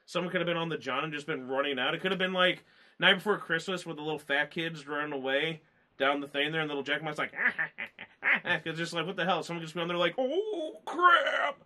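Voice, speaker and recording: A man co-hosting a casual movie review, rambling and excited, often laughing. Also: on the high side, fast talker.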